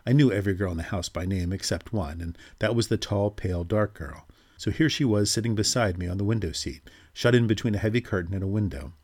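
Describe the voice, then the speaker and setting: A man reading a ghost story aloud in measured, steady narration. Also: low voice, breathy edge.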